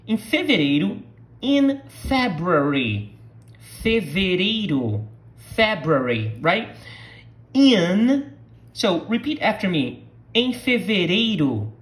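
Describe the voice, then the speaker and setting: A Portuguese speaker from Brazil, teaching a slow language lesson and patiently repeating words for learners to copy. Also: medium pitch.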